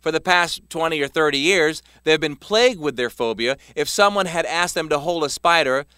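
A man reading a self-help text aloud as scripted narration, measured and emphatic. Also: on the high side, sharp tone, clean tone, no echo, studio quality. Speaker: author narrating his self-help book.

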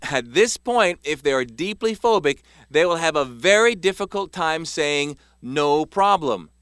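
A man reading a self-help text aloud as scripted narration, measured and emphatic. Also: fairly high pitch, expressive, a bit bright, clear, resonant tone, no echo, clean studio sound. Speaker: author narrating his self-help book.

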